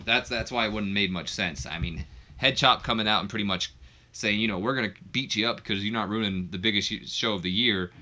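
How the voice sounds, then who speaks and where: A man's voice: lowish voice, sharp tone. A man giving casual, offhand commentary on a wrestling simulation game. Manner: chatty, offhand, with fillers and asides. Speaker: let's play commentator.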